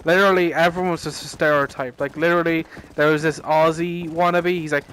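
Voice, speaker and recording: A man's voice: fairly high pitch, fairly even intonation, a little fast, few pauses, fairly bright tone, clear, resonant tone, poor audio. A young man rambling through a casual story over gameplay, swearing a lot and laughing at his own rant. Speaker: gaming commentator.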